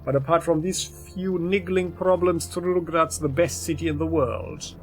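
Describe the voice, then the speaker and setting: A man's voice: on the high side, fairly even intonation, measured pace. A man hosting a let's play, giving casual gameplay commentary with jokey, rambling asides. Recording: faint game music behind.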